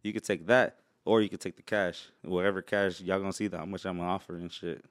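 A man's voice: low-pitched, steady tone, fast, dry recording, studio quality. A man chatting casually as a podcast guest, laid-back, swearing and laughing often. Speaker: podcast guest, truck brand owner. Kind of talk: casual chat.

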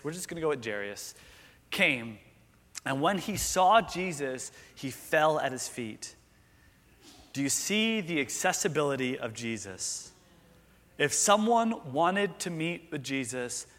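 A man preaching in a slightly high voice, earnest and conversational, asking his listeners questions. His words ring out with a long reverb from a large hall. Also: fairly bright tone. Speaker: pastor. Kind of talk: sermon.

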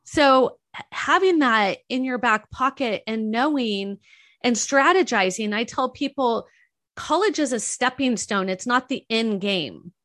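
A woman's voice: on the high side, animated, a little slow, a bit bright, no echo, clean studio sound. A middle-aged woman hosting an interview, chatting conversationally and telling personal stories. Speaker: podcast host. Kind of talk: casual interview talk.

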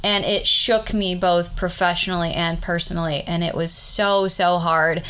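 A woman's voice: on the low side, steady tone, moderate pace, fairly bright tone, clear, resonant tone. A middle-aged woman, a school principal, talking casually and heartfelt, with frequent restarts. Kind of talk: casual conversation.

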